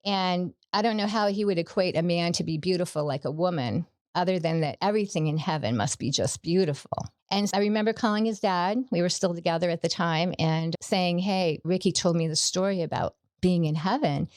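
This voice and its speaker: A middle-aged woman gives a personal testimony as a podcast guest, earnest and story-driven. Her voice sits a little low. The sound is dry and close. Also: brisk, hardly any pauses, darkish tone, dry recording. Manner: earnest storytelling, acts out quoted dialogue.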